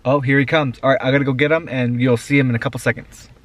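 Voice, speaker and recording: A young father chats straight to his handheld camera in a laid-back family vlog, his voice sitting at an ordinary middle pitch. Clear background noise and a low vehicle hum run under his talk. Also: fairly even intonation, fast. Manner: chatty, talks straight to the camera. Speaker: father and vlogger. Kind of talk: casual home vlog. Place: home, then in a car. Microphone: handheld compact camera.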